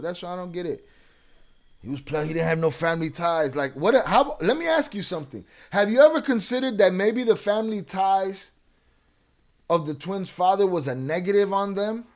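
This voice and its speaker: A man with a fairly high voice, streaming live and clapping back at his chat. He argues in a blunt, profane way, repeats questions back at commenters, and trips over restarts as he pushes his point. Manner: combative, profane, arguing with commenters.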